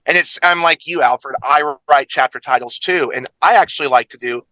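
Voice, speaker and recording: A man co-hosting a podcast in casual chat, animated and giggly and quick to joke. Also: a little high, no room sound, lo-fi sound. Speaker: podcast co-host.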